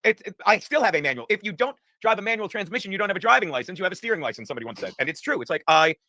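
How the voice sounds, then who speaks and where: Fast-talking high-voiced man, swearing. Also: sing-song, bright, forceful tone, no room sound. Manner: rambling, profane, laughs while telling stories. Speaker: podcast host. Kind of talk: casual chat.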